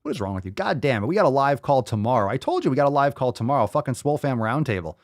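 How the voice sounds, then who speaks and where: A man hosting a fitness podcast, ranting loudly and swearing as he pushes listeners to act. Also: medium pitch, sing-song, racing, no room sound. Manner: profane, loud, hyped rants. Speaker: podcast host.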